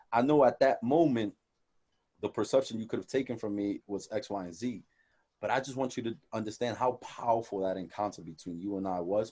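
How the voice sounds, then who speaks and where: A young man co-hosting a casual podcast, talking in animated, profane street slang and acting out quoted conversations. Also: lowish voice. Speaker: podcast co-host.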